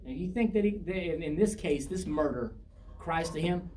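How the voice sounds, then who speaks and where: Preacher guy giving a sermon, hammers points by repeating them, kinda high voice, faint background hum. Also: moderate pace, darkish tone. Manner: emphatic, repeats phrases for stress.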